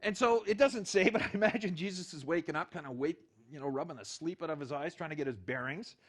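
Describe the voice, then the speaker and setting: A middle-aged male pastor preaching a sermon, telling the story in an animated way and acting out the quotes. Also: fairly high pitch, fast talker.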